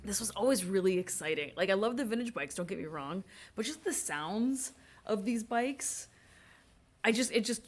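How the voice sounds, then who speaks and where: A woman's voice: medium pitch, lively intonation, normal speed. A woman co-hosting a race stream, chatting casually with a teasing, friendly way of talking. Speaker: stream co-host. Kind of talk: casual chat.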